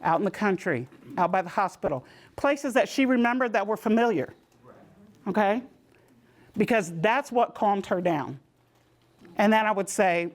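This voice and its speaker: A woman, giving a community health talk and telling lively personal stories, acting out the voices of the people in them. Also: mid-range voice, moderate pace. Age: 60s. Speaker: presenter.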